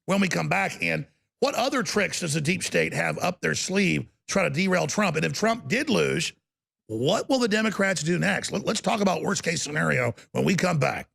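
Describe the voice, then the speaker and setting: A middle-aged man hosting a combative political talk show, animated and indignant, repeating words as he gets worked up. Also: on the high side, moderate pace, creaky, breathy edge.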